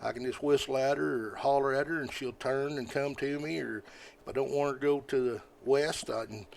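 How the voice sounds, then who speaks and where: An older man, a podcast guest telling stories in a folksy, rambling way, often halting with fillers. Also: medium pitch, fairly even intonation, vocal fry, slight background noise. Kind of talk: casual storytelling.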